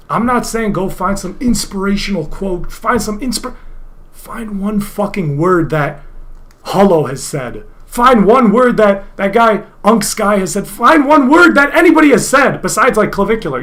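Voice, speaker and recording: On a casual livestream, a young man streaming talks with a high, bright voice, expressive and at a moderate pace. His rambling is full of constant swearing, broken by occasional loud, exasperated outbursts.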